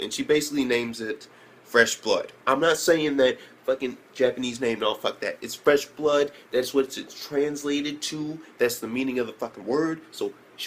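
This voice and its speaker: Casual male reviewer of mid pitch, cursing freely, rambling, with faint noise behind him. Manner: profane, rambling, with shrill disbelieving outbursts. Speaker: anime reviewer.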